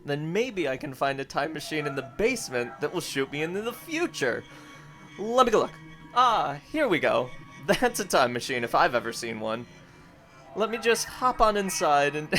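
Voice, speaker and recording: A goofy, chatty time traveller with a high voice that swings up and down all over the place, as a man acts him out. Faint music sits under his lines in this comedy web cartoon. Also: fairly bright tone.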